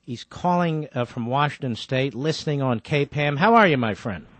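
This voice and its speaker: Male radio host, emphatic and animated, mid-pitched voice, dry close sound. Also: normal speed, no room sound. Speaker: radio talk show host. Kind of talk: talk radio.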